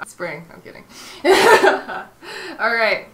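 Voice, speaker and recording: A woman's voice: fairly high pitch, huge pitch swings, drawn-out words, fairly bright tone, a little hiss or hum. A young woman streaming from home, chatting casually and playfully as she answers her chat. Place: home room.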